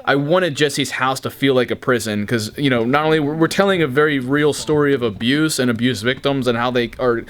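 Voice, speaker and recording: Speaking briskly with hardly a pause, a young YouTuber with a mid-range voice runs through behind-the-scenes tales from his videos. He is casual and profane, performing the quotes with plenty of energy.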